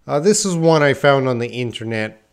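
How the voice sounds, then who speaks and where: A man's voice: medium pitch, animated, normal speed, smooth. A man giving a casual live-stream lesson, chatting to viewers by name and laughing at his own slips. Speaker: English teacher.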